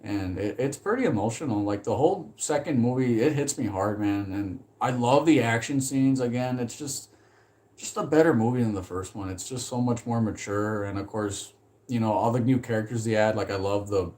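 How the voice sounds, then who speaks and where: A male streamer talks loosely and excitedly about movies, with lots of fillers and swearing. His voice sits at an everyday middle pitch for a man. The delivery is unscripted and wandering. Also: moderate pace. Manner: rambling, heavy use of "like", swears when excited. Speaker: streamer reviewing films. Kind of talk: casual live-stream chat.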